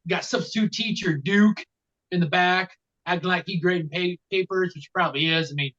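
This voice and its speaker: A man's voice: fairly quick, fairly bright tone. A man co-hosting a wrestling podcast, rambling through the recap with many fillers and dry jokes. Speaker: podcast co-host. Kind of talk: casual comedic wrestling recap. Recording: dull low-quality mic.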